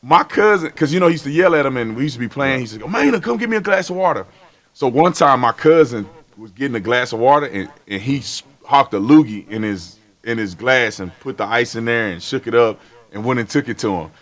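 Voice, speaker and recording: A man talking as a guest in a casual chat, telling family stories with laughter and shouted imitations. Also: mid-range voice, fairly quick. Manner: laughing storyteller, shouts out relatives' calls.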